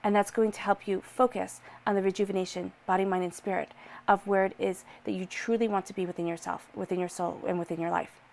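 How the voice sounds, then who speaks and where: A woman's voice: mid-range voice, level tone, gravelly, darkish tone. A woman giving a personal tarot reading in a soothing, reassuring way. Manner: soothing, reassuring, drawn-out repetitions. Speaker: tarot reader.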